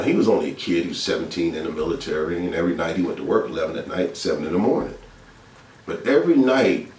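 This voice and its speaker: A man's voice: sits low, a little mellow, a little hiss or hum. A man from Georgia, earnestly telling a spiritual testimony in a casual, storytelling way that repeats its phrases. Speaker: speaker sharing testimony. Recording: echoey room with faint music, mic at a distance.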